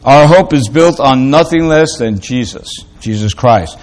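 A man's voice: medium pitch, animated, a little slow. A man preaching a sermon in an emphatic way, repeating phrases for effect and asking rhetorical questions.

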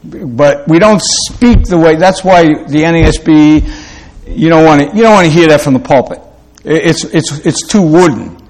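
A man preaching a sermon in a halting way, with many fillers and restarts, slowing down to read scripture aloud. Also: fairly high pitch, a little mellow, rough recording.

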